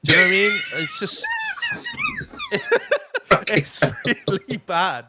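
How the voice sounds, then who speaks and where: A man's voice: very high-pitched, wildly swooping pitch, slow pace, heavy background noise. A man hosting a casual podcast, retelling movie scenes with lots of swearing and quoted voices. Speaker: podcast host.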